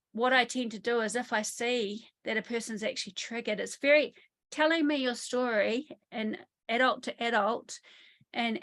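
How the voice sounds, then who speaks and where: Speaking in a mid-range voice over a video call from her home in the country, a trauma therapist gives an online interview. She tells lively stories and frequently acts out what people said.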